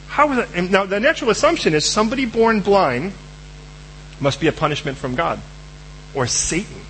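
A man preaching a sermon, acting out both sides of conversations with God in lively voices. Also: sits high, a little fast, a little hiss or hum, low-quality recording. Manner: animated, acts out both sides of dialogues with God.

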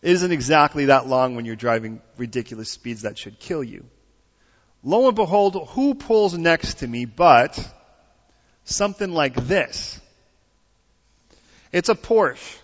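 A man with a fairly high, animated voice preaches a sermon at a measured pace, pausing often. He starts by telling a story conversationally, then builds to emphatic preaching and asks the congregation questions. The audio is dull, with long hall reverb.

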